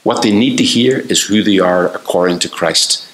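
A man with an Irish accent preaching a sermon in an earnest, conversational way, with quick asides to the congregation. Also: on the low side, noisy background. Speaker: pastor. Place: church hall. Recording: echoey church hall.

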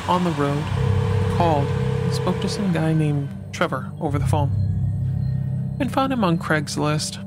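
Male horror narrator over loud music. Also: on the high side, a little slow. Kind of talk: scripted horror story narration.

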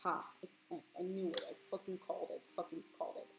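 A woman's voice: on the low side, level tone, fast talker, creaky, background noise. Swearing, giggly young woman streamer. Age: 20s. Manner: swears freely, laughs and squeals when flustered. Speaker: streaming artist. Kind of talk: casual stream chat while drawing.

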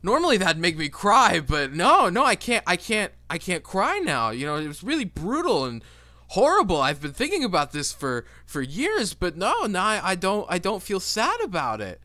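Man as loud, stammering divorced man, high and rattled. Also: lively intonation, a little slow, no room sound. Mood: flustered. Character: flustered divorced man, unable to cry.

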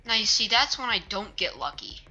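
A woman's voice: medium pitch, lively intonation, a little fast, sharp tone, soft background music. A woman casually commenting while she plays a video game. She rambles, hesitates and restarts her sentences as she loses her words. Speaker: gaming channel host. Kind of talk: casual let's-play commentary.

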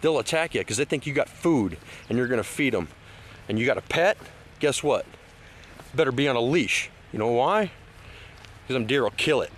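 A man's voice: medium pitch, a bit bright, slight background noise. Rambling emotional man on an outdoor tour. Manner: rambling, hesitant with many fillers, turning heated and preachy. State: emotional, teary at times. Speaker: vlogger giving a park tour. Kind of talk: casual one-take outdoor vlog talk. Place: outdoors at a lakeside state park.

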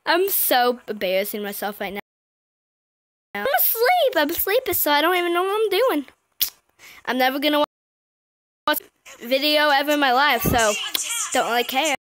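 A woman's voice: high voice, animated, normal speed, pauses often, fairly bright tone, no room sound, studio quality. A woman YouTuber giving chatty, scattered, self-mocking commentary while playing a mobile game.

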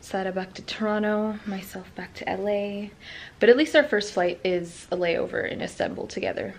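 A woman's voice: mid-range voice, moderate pace, gravelly. A woman vlogging casually to camera, chatty and gushing with lots of fillers. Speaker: travel vlogger. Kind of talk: casual vlog chat to camera. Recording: loud crowd and music behind.

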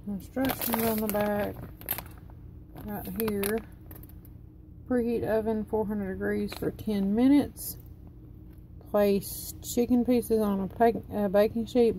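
A woman's voice: mid-range voice, vocal fry, mellow, slight background noise, low-quality recording. A tired woman who is losing her voice, chatting casually in her kitchen and reading cooking instructions aloud. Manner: rambling, chatty, reads package instructions aloud. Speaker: cooking vlogger. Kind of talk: casual cook-along chat. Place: home kitchen.

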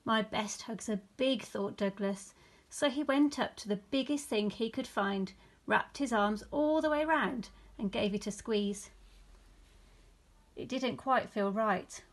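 Woman reading a bedtime story. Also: on the high side. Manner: slow, expressive storytelling. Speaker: teacher. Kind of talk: reading a bedtime picture book aloud.

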